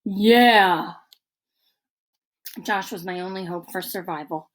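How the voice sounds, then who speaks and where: Woman reading a kids' chapter book out loud, lively and expressive. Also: medium pitch, moderate pace. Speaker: audiobook narrator.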